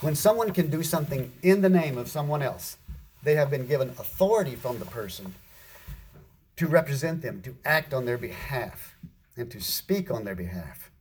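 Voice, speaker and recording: A man preaching a sermon, reading scripture aloud and explaining it earnestly, with slow emphasis on the quoted verses. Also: mid-range voice, animated, a little mellow, a little hiss or hum.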